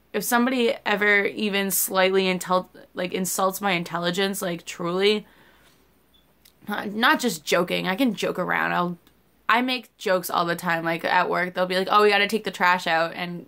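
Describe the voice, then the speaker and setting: Young woman vlogger, bright crisp voice, candid and rambling, cusses casually. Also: fairly low pitch. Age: young adult. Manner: candid, rambling, swears freely. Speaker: YouTuber. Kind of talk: casual vlog chat.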